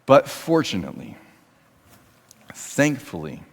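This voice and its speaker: A man preaching a sermon in a church, talking to the congregation conversationally and moving between emphatic raised passages and quiet, low ones. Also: wildly swooping pitch, takes it slowly, gravelly, slightly rough. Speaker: pastor. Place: church sanctuary. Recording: long reverb of a church hall.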